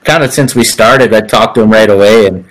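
A man's voice: fairly low pitch, a little fast, rough recording. A man hosting a casual chat, asking rambling, laid-back questions. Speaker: podcast host.

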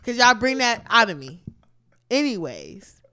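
Bright-voiced, outspoken young woman. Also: a little high, big pitch swings, a little slow, a little hiss or hum. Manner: outspoken, opinionated, slangy. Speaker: podcast co-host. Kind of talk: casual chat.

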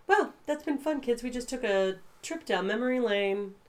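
A woman's voice: on the high side, expressive, moderate pace. A woman co-hosting a casual chat, playful and swearing freely.

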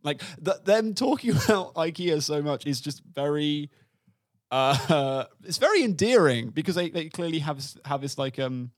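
A man's voice: a little high, animated, normal speed, dry recording, clean studio sound. A man co-hosting a podcast, chatting casually about a film and laughing often as he talks. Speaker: podcast co-host.

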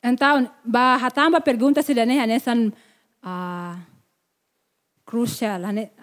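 A woman's voice: a little high, a little slow. A woman interpreting a sermon phrase by phrase, mixing in Portuguese words as she goes.

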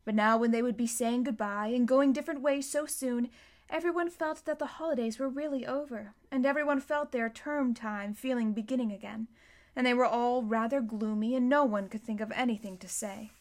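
A woman reads an audiobook in a fairly high voice. Her storybook narration is even and unhurried.

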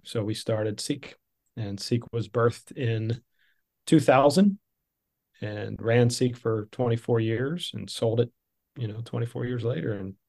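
A man's voice: medium pitch, a little mellow. A man in his fifties, a business coach being interviewed, telling a personal story in an earnest, conversational way.

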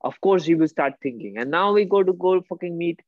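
A man telling stories in a casual chat, swearing freely and talking with animated emphasis. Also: sits high, brisk, dry recording. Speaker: therapist and podcast co-host. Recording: dull, muffled sound.

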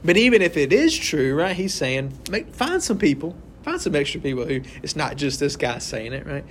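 Man teaching Bible study, higher-pitched. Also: sing-song, normal speed, slight background noise. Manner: conversational, asks the group questions; tags sentences with "right?".

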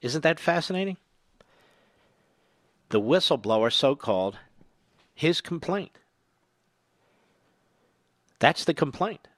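A man's voice: on the high side, very animated, slow pace, pauses often, no echo. An older man hosting a political talk radio show, delivering a combative, sarcastic monologue that swells to emphatic peaks. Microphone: studio microphone.

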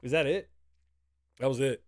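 A man's voice: medium pitch, normal speed, no room sound, clean studio sound. A man hosting a podcast in casual chat, rambling and swearing freely as he reads and reacts to stories. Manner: rambling, profane, laughs at his own stories. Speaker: podcast host.

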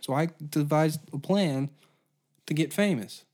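A man's voice: on the high side, measured pace, a little mellow. Profane ranting man in his twenties. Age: 20s. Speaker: podcast host. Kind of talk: solo comedy podcast rant.

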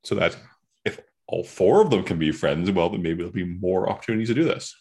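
Man, tabletop player, low, husky, explaining. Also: animated, quick pace, warm tone. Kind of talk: casual chat.

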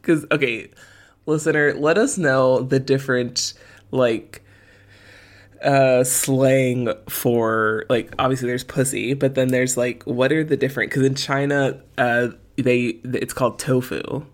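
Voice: medium pitch, steady tone, measured pace. A podcast co-host talking in a rambling, casual way with many fillers. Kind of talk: casual chat.

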